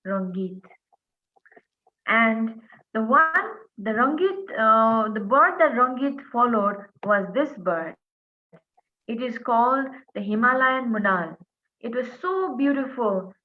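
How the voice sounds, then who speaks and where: A woman tells a folk tale with earnest energy, often pausing on little fillers. Her voice is fairly high. It comes through thin and phone-like. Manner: earnest, animated, with frequent fillers. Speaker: storyteller. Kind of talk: oral folk storytelling. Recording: tinny phone-like line.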